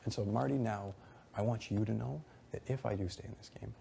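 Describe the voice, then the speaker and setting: A man's voice: on the low side, steady tone, brisk, gravelly, noisy background. A young man in casual conversation, retelling events in a rambling, heated way, quoting others and swearing often. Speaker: reality show houseguest.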